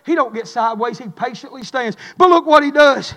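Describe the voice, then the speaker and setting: A preacher with a strikingly high, strained voice, preaching in impassioned bursts that rise into shouts. His sermon rolls out in a church, with a long reverb trailing every line. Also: fairly quick. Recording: long reverb of a large hall.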